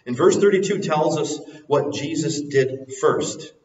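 A man preaching a sermon, dropping soft and low, then rising loud and emphatic. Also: a little slow. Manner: swings from soft and low to loud and soaring, sings a hymn line. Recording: echoey hall, recorded from a distance, muffled.

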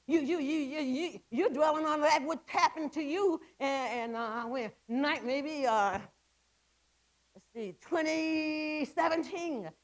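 A woman's voice: sits high, slow pace, rough recording. A middle-aged woman giving a testimony sermon to women, impassioned and repetitive, with stammered restarts. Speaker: women's ministry speaker.

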